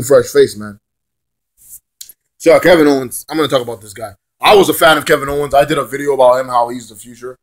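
Profane rambling young man ranting. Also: mid-range voice. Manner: profane, rambling, swings between loud outbursts and mumbling. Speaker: wrestling vlogger. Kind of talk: casual rant to camera.

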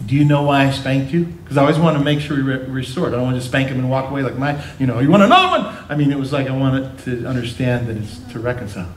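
A man's voice: medium pitch, fairly even intonation, quick pace, hardly any pauses, darkish tone, a little hiss or hum. A middle-aged man preaching a sermon to his congregation, telling family stories with playful asides and acting out voices. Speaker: pastor. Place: church sanctuary. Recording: roomy church sound from a distance.

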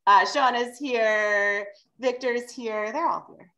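A woman's voice: a little high, slow, sharp tone. A woman teacher introducing her students at a virtual meeting, friendly and encouraging.

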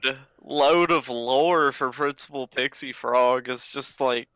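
A man's voice: mid-range voice, slow pace, sharp tone, no room sound. A man co-hosting a podcast in casual chat, often trailing off while searching for words. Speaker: podcast co-host.

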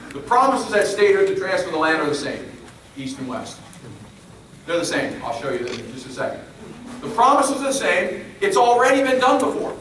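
A man's voice: sits high, a bit bright. A man giving an emphatic public speech to a crowd, repeating his key phrases. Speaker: speaker at a public meeting. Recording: echoey hall from far off, faint noise.

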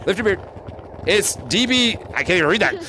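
A man hosting a live-streamed VR game chat, excitable, calling out names and laughing often, on a headset mic. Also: sits high, fairly quick, background noise. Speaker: gaming streamer and host.

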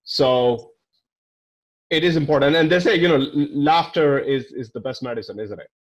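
A man's voice: mid-range voice, moderate pace, lo-fi sound. A man hosting a podcast interview, chatting casually and enthusiastically summing up his guest's points. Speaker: podcast host.

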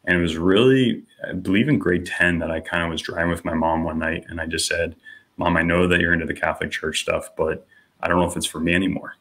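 A man's voice: low-pitched, fairly even intonation, fast talker, a bit bright. A young man telling a personal faith story in a casual podcast conversation, with many fillers like "you know" and "like", and acting out the voices of the people he quotes. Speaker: podcast guest.

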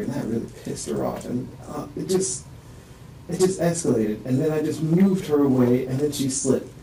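Distressed man, dark voice, echoey room. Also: mid-range voice, big pitch swings. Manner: halting, rambling, constant restarts. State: distressed, voice rising and strained. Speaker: suspect being questioned. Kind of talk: police interrogation statement. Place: police interview room. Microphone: distant room microphone. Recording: echoey room, distant mic, faint hiss.

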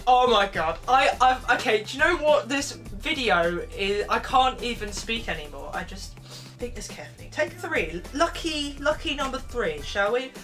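A woman's voice: a little high, lively intonation, moderate pace, fairly bright tone, faint music behind. A young woman vlogging in a sarcastic, rambling way, swinging between mock anger and gloom. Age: young adult. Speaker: YouTuber. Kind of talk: comedic vlog rant.

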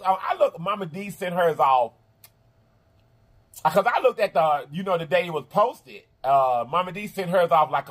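A man with a Southern American accent chatting casually to his viewers, half talking and half singing in a drawling, repetitive way. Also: fairly high pitch. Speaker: mukbang channel host. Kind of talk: casual vlog chat to viewers.

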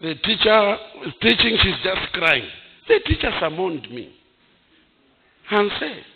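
A man, preaching a sermon as pastor, breaking into shouted bursts and chuckles. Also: sits high, sing-song, a little slow, gravelly, slightly rough, narrow, tinny audio. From Zambia.

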